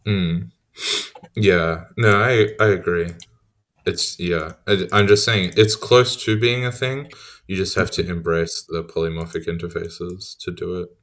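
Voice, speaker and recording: A man in a casual technical chat, giving slow, measured explanations with fillers. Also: low-pitched, fairly even intonation, fairly bright tone. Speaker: co-programmer.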